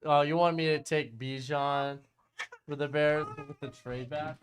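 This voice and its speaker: A man's voice: fairly high pitch, steady tone, measured pace, slight background noise. A young man hosting a live-streamed mock draft, talking casually and bluntly and mocking bad trades.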